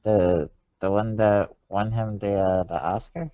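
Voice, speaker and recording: A man's voice: lowish voice, fairly even intonation, unhurried, mellow, dry recording. A man co-hosting a podcast in casual banter, hesitant and dry, hedging with fillers. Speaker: podcast co-host. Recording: dull lo-fi sound, dry.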